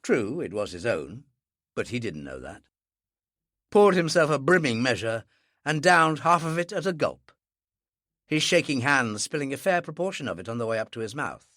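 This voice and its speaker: An audiobook reader narrating a thriller in the first person, in a measured, dry way. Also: mid-range voice, very animated, fairly bright tone, dry recording.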